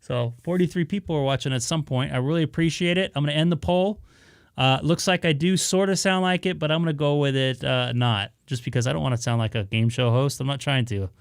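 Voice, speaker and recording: A man's voice: on the high side, a little fast, clean tone, dry recording, studio quality. A man chatting casually to viewers on his amateur radio live stream, rambling with many fillers in an easygoing way. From Southern California.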